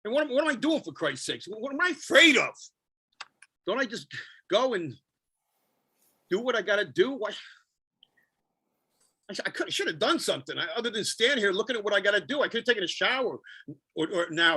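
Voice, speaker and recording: A man's voice: sits high, pushed and bright. A man giving a spoken-word poetry performance, brooding and self-questioning with a wry edge. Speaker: poet.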